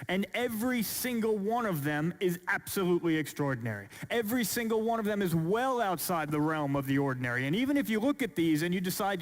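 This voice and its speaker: A man giving an earnest, measured apologetics talk to an audience, asking rhetorical questions, recorded in a large church hall. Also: high-pitched. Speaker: speaker. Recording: long hall reverb.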